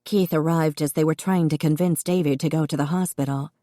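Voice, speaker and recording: A woman reading an audiobook in steady, expressive narration. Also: low-pitched, brisk, no room sound, clean studio sound.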